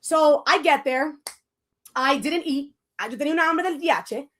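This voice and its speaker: Woman, podcast co-host, high voice, chatty bilingual storyteller who acts out every quote. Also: moderate pace, a bit bright. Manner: switches between English and Spanish mid-sentence. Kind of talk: casual chat, telling a story.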